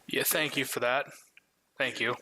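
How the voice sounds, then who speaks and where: A man's voice: medium pitch, fairly even intonation, unhurried, noisy background. A man joining a casual comedy movie podcast as a guest, asking dry, pointed questions.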